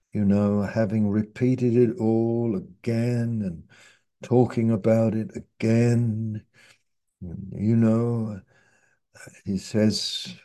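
A man preaching a sermon, reflecting at an unhurried pace and reading scripture aloud. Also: fairly low pitch, mellow.

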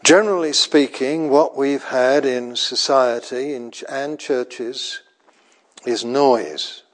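An older man preaching a sermon in a slow, deliberate way, pausing often and repeating phrases for weight. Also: mid-range voice.

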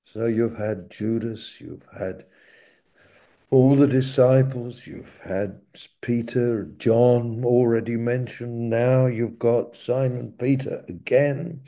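A man preaching a sermon in a slow, reflective way, often sinking to a quiet murmur. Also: mid-range voice, gravelly.

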